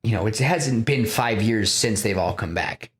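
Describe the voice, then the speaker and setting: A man's voice: on the low side, lively intonation, moderate pace. A man hosting a podcast, casually retelling a film scene by scene with lots of restarts and quoted lines. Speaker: podcast host pitching a film.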